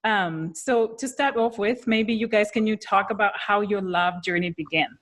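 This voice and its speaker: A woman's voice: medium pitch, normal speed, a bit bright. A woman hosting a podcast, friendly and encouraging as she interviews guests. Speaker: podcast host.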